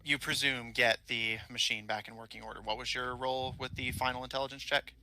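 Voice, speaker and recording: A man's voice: mid-range voice, steady tone, a little fast, pushed and bright, slight background noise. A man narrating a tabletop game as game master, rambling along with many ums and uhs.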